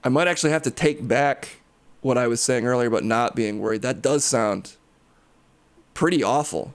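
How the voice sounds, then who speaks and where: A man's voice: medium pitch, moderate pace. A man hosting a parody news segment, playing the dry, flustered straight man. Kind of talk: deadpan comedy news segment.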